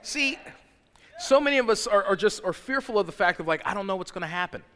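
A man preaching a sermon in an animated, casual way, slipping into slang and rising to shouts. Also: high voice, quick pace. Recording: long hall reverb.

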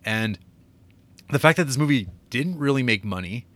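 A man's voice: mid-range voice, expressive, moderate pace, a bit bright. A man co-hosting a podcast, chatting casually about a movie and rambling with lots of fillers. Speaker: podcast co-host.

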